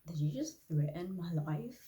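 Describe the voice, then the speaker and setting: Woman doing a loud, teasing male entertainer, low-pitched, sing-song mockery, improv comedy. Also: lively intonation, normal speed, natural voice. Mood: outraged.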